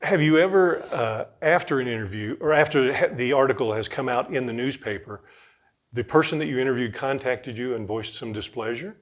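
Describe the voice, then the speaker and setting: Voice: mid-range voice, brisk. Friendly host asking questions. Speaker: interview host. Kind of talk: casual interview.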